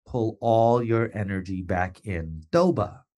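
A man talks on a motivational podcast in a lively, playful way. He drops into short put-on voices for the people he quotes, and his pitch jumps sharply when he does. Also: a little slow, lo-fi sound. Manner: animated, playful, with wrestling and pop-culture asides. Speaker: podcast host.

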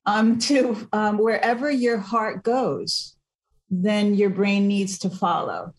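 An older woman guest, an author, telling travel stories in a relaxed, animated way, often laughing mid-sentence. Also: medium pitch, slow. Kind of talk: casual interview conversation.

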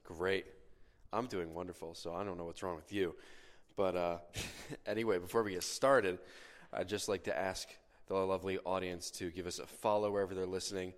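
A man co-hosting a podcast, his voice sitting very low. He runs through a listener call to action in easy banter. A long reverb hangs on the room around him. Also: steady tone, normal speed. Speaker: podcast co-host.

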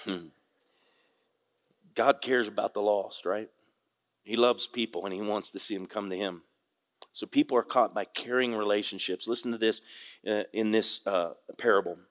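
An older man preaching a sermon, a pastor telling a fishing story with folksy, animated delivery and acting out the voices of the people in it. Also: on the low side, moderate pace, big-room sound. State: tearful at moments.

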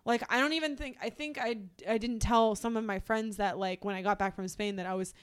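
A woman's voice: fairly high pitch, steady tone, brisk, clean tone. A young woman co-hosting a podcast, telling a personal story in casual chat, rambling with lots of "like" and restarts. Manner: rambling, heavy use of "like", restarts. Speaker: podcast co-host.

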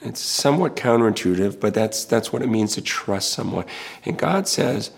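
A man's voice: on the low side, expressive, normal speed, vocal fry, husky. A middle-aged male pastor speaking in an earnest, preaching style, impassioned and pleading, repeating words as he builds.

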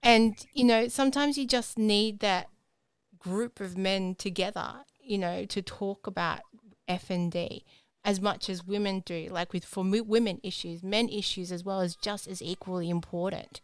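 Smooth-voiced Australian woman hosting a podcast. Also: medium pitch, steady tone, normal speed, dry recording. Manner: chatty, with frequent fillers like "um" and "you know". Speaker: podcast host. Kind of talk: casual podcast chat.

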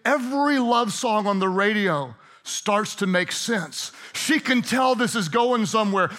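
A man's voice: extremely high pitch, pushed and bright. A middle-aged man preaching a sermon, retelling a story in a playful, chatty way and laughing often. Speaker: pastor.

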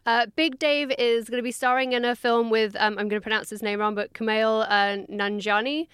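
A woman's voice: a little high, little pitch movement, normal speed, fairly bright tone, clear, resonant tone, no room sound, clean studio sound. A woman co-hosting a podcast, telling rambling anecdotes in a chatty way. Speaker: podcast co-host. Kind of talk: casual podcast chat.

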